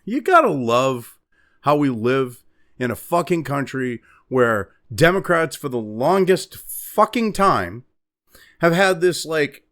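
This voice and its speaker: A man's voice: fairly high pitch, fairly bright tone. A man from New Hampshire hosting a profane political commentary show, ranting with heavy swearing and lots of fillers. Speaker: host.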